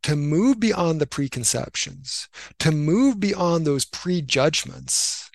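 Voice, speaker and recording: A man who is a Christian minister and writer, talking as a guest in an earnest, reflective storytelling way that slows down for emphasis. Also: fairly high pitch, animated, gravelly, no room sound.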